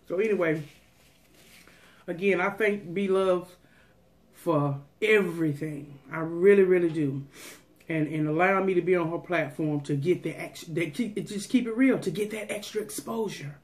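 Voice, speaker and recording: A woman's voice: on the low side, moderate pace, darkish tone. Woman food vlogger, casual and folksy, slips into preaching at her audience. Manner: folksy, preachy, calls out to viewers. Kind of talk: casual mukbang chat with preachy pep talk.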